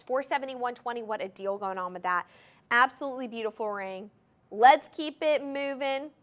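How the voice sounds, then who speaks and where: A woman hosting a shopping channel, gushing enthusiastically as she pitches jewelry straight to viewers in a TV studio. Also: a bit bright. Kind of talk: live TV jewelry sales pitch.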